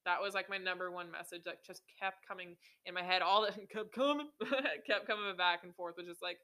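A woman's voice: on the low side, a little fast, sharp tone. A woman in her twenties telling her own story on a podcast, casual and full of swearing and filler words. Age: 20s. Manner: casual, swears often, many ums and likes. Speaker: podcast host.

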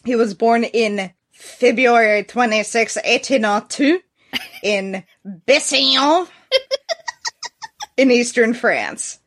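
A woman's voice: fairly high pitch, takes it slowly. Wry podcast host woman in her thirties. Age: 30s. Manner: wry, deadpan humor. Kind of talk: casual chat.

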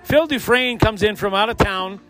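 A man's voice: sits high, moderate pace. A man hosting a casual podcast among friends in a garage shop, joking and rambling as he interviews people, with music playing behind him. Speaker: host. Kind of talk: casual party podcast chat.

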